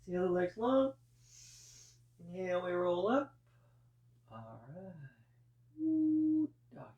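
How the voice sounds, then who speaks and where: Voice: mid-range voice, sing-song, slow, far from the mic, lo-fi sound, slight background noise. A yoga teacher guiding a live class through breath and poses, with chatty asides. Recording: roomy, voice from off-mic.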